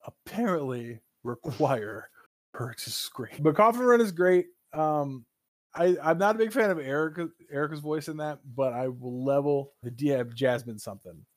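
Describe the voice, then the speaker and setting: A man co-hosting a gaming podcast in casual chat, animated and opinionated, swearing freely. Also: on the high side, moderate pace, no echo, clean studio sound. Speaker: podcast co-host.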